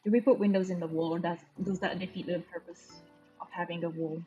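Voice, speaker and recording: Excitable chatty woman streamer. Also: lowish voice, fairly quick. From Romania. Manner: chatty, excitable, thinking aloud with gasps of delight. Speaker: game streamer. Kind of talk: casual live-stream chat while playing. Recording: dull lo-fi stream audio with faint music.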